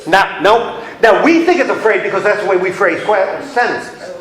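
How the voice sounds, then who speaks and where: A man's voice: high-pitched, lively intonation, normal speed, a bit bright. A man leading a Bible study class in a chatty, playful way, acting out little scenes for his listeners. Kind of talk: casual Bible class lecture. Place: room with a class. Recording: echoey room.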